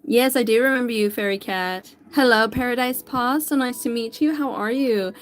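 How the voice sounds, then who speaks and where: A digital artist streams while drawing, chatting casually and greeting viewers by name in an upbeat, chatty way. Her voice is a little high, at normal speed.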